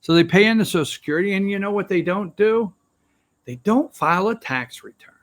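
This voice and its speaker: A man's voice: sits high, a little fast. A man hosting a political opinion show, talking straight to viewers in a rambling, sarcastic way. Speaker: political talk show host. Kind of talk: opinionated commentary.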